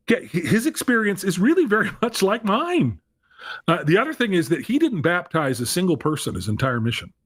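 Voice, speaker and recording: A man's voice: medium pitch, no room sound, studio quality. Candid self-deprecating middle-aged man. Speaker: guest. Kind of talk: storytelling in a conversation.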